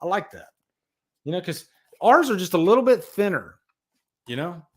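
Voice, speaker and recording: A man's voice: high-pitched, big pitch swings, normal speed, a little mellow. A man hosting a casual live stream, rambling with enthusiasm and talking to viewers in the chat. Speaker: livestream host.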